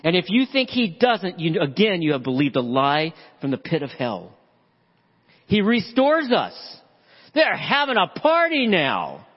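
A man preaching a sermon as pastor, animated and acting out voices in the story. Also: sits high, a little slow, slightly rough. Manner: animated preaching, acts out the father's voice. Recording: dull lo-fi audio with long hall reverb.

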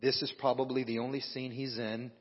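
Brisk and slightly rough, the pastor's medium-pitched voice shows little pitch movement. He delivers a conversational sermon, interrupting the reading to speak to the congregation, in a church hall with a live band; the lo-fi recording is dull and full of long hall reverb.

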